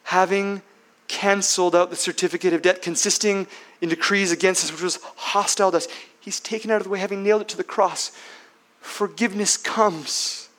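In a high-pitched voice, a pastor delivers an emphatic sermon, posing rhetorical questions. His delivery alternates between hushed passages and loud declarations.

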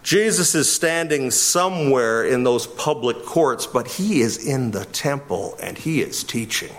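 A man's voice: medium pitch, expressive, measured pace. A middle-aged man from Canada giving expository Bible teaching as a pastor, emphatic and often chuckling. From Winnipeg, Canada.

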